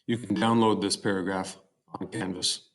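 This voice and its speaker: A man with a deep, low-pitched voice narrates a slide-show lesson on poetry. He explains terms patiently, pausing with fillers and correcting himself now and then. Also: steady tone, creaky. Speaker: teacher. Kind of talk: recorded slide-show lecture.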